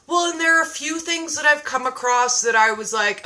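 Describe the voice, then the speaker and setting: A woman hosting a casual live-stream chat, reading viewer comments aloud in an animated way. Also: high-pitched, normal speed, rough recording. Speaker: live show host. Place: home.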